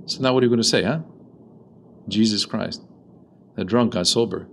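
A man who is an Orthodox priest, giving a sermon with lively storytelling and quoted dialogue. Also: medium pitch, very fast, a little hiss or hum, poor audio.

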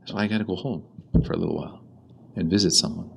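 A man who is an Orthodox priest, giving a sermon with lively storytelling and quoted dialogue. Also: sits low, fast talker, creaky, a little hiss or hum, poor audio.

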